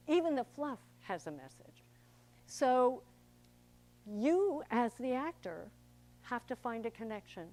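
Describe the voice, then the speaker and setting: A woman's voice: fairly high pitch, sing-song, unhurried, a little mellow. An older woman, an actor and director, giving a chatty, theatrical public talk to an audience. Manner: chatty and theatrical, acts out quoted voices.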